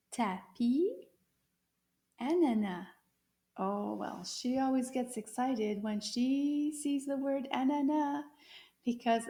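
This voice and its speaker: A woman teaching a children's lesson, speaking slowly in a sing-song voice to young viewers. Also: sits high, warm tone. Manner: slow, sing-song teacher voice, drawn-out questions.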